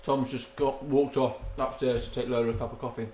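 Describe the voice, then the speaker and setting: A man's voice: medium pitch, little pitch movement, a little fast, darkish tone. A man who co-hosts a podcast. He talks casually and teases his co-host, sometimes mumbling while he eats and breaking into laughter. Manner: teasing, mumbling while eating, bursts of laughter. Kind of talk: casual chat. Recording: echoey room with faint hiss.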